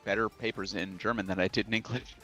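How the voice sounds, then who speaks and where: A man's voice: on the low side, steady tone, fast talker, pushed and bright, husky, soft background music. A man co-hosting a casual chat, wry and self-mocking in his remarks. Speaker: podcast co-host.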